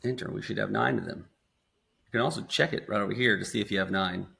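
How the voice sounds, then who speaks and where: An American man casually walks students through a screen-recorded software tutorial, step by step. The instructor's voice is lowish and gravelly, and he talks fast.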